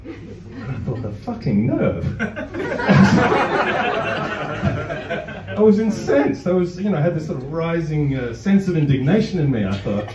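A man's voice: a little high, lively intonation, measured pace, long pauses, a loud crowd. A man performing a stand-up comedy set in a club, chatty, breaking off with apologetic asides. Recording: roomy, distant, dull audience recording. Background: audience laughter.

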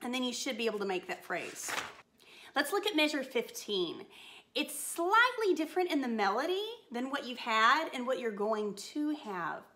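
Upbeat high-voiced woman voice teacher. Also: big pitch swings, moderate pace, bright, forceful tone, slight background noise. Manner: upbeat, encouraging coaching. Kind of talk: singing lesson tutorial.

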